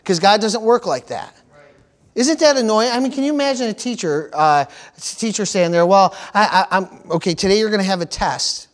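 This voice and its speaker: A man's voice: high-pitched, lively intonation, brisk. A man preaching a sermon as pastor, calling out for amens and repeating key phrases for emphasis.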